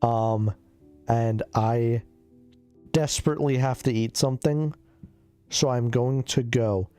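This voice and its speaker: A sick streamer rambles through a loose, casual chat in an ordinary mid-pitched voice. Now and then he coughs, and he drifts into loopy tangents full of swearing. The sound is close and dry, with soft music playing behind him. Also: slow pace, no room sound.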